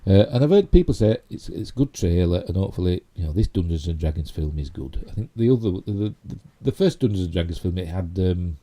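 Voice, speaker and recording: A YouTube host from Yorkshire, England, this middle-aged man talks quickly with hardly any pauses, his low, warm voice full of lively intonation. He rambles chattily through a casual live stream in a Yorkshire accent, mocking himself now and then.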